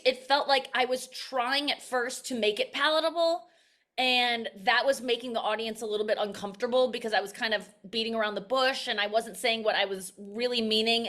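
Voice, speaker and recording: Guesting on a casual interview, this woman comedian in her thirties is candid and self-reflective, frequently laughing and starting her sentences over. She sounds fairly bright, with a voice on the high side.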